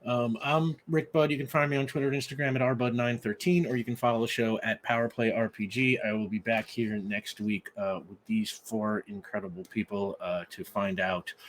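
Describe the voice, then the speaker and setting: A man acting as game master, calmly setting the scene as he narrates a tabletop game. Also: lowish voice, normal speed, slight background noise. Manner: relaxed, scene-setting storyteller.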